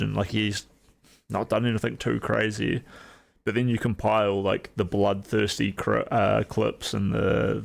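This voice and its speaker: A man's voice: on the low side, creaky. A young man with a New Zealand accent, streaming and chatting casually with rambling, filler-heavy, laid-back talk.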